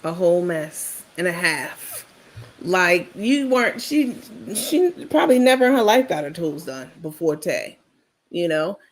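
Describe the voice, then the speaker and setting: A woman's voice: lowish voice, sing-song, unhurried. A woman hosting a livestream, chatting casually and digressing as she gossips and talks straight to her viewers. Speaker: livestream host.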